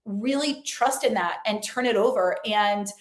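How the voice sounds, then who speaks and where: This lifestyle and faith vlogger gives an earnest, chatty motivational talk to camera, her speech full of fillers and sometimes dropping to a near whisper. The mid-range voice moves a little slowly and sounds reverberant.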